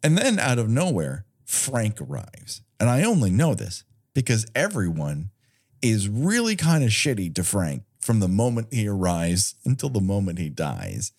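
A low-voiced man co-hosts a casual movie chat, his pitch swinging widely as he riffs. He is sarcastic and profane, and he slips into mocking little voices to quote people. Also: huge pitch swings, moderate pace, a little mellow. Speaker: podcast co-host.

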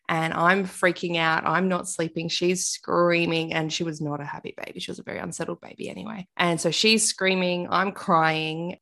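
A woman's voice: on the low side, vocal fry. A woman in her thirties, a guest candidly recounting a hard first year of motherhood and quoting her own inner thoughts. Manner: emotional, fast-paced recounting with quoted inner thoughts. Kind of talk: candid personal storytelling.

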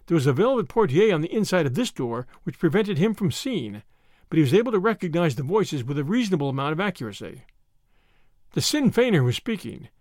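A lively male audiobook narrator with a high voice reads scripted narration. The sound is clean studio quality with no echo.

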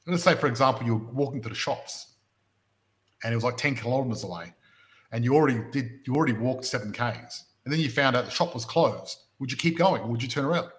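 A man's voice: medium pitch, lively intonation, fast, fairly bright tone. An Australian man hosting a property-investment podcast, chatting casually and making his points through stories and rhetorical questions.

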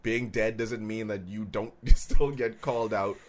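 A man's voice: lowish voice, fairly even intonation, a little slow. A man co-hosting a podcast in casual chat, opinionated, arguing at length with his voice rising when worked up. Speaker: podcast co-host.

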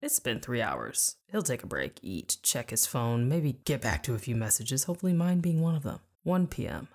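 A woman with a strikingly deep voice reads her memoir aloud as an audiobook. Her storytelling is wry and dramatic. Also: big pitch swings, moderate pace, hardly any pauses, darkish tone. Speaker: narrator.

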